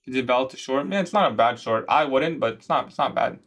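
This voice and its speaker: A man's voice: medium pitch, expressive, fast, a bit bright. Laid-back young Canadian man streaming. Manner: laid-back, slangy, answers viewer questions. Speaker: livestream trading host. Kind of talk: casual livestream chat reading comments.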